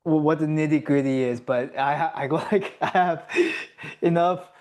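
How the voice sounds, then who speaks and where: Podcast host: a man with a somewhat high voice, relaxed and chuckling as he talks. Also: normal speed. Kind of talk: casual podcast conversation.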